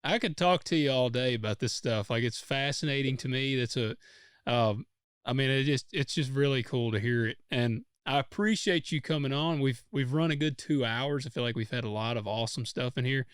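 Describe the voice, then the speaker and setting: A man's voice: mid-range voice, fairly quick, clean tone, dry recording, clean studio sound. Easygoing male podcast host. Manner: easygoing, laughs along. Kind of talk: casual chat.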